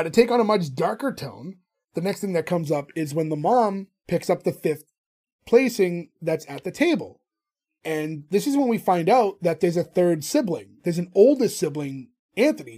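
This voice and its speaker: High-voiced man recapping TV on a podcast. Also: moderate pace. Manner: animated storyteller. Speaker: podcast co-host. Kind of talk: casual chat, recapping a TV episode.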